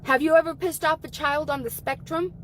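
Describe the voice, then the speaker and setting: A woman's voice: high voice, steady tone, brisk, fairly bright tone, a little hiss or hum, poor audio. A woman talking angrily and emphatically on a livestream, swearing often as she vents. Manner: angry, profane, emphatic. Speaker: guest. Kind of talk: heated livestream talk.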